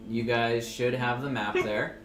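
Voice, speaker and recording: A man running a tabletop game session as game master, stopping now and then to fix his software. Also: mid-range voice, flat delivery, a little slow. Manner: stops to fix the software and asks players to wait. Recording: echoey room, faint music behind.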